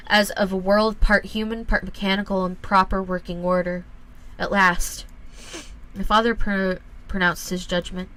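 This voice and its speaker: A woman reading a first-person horror story aloud in a calm, measured way. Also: mid-range voice, rough recording.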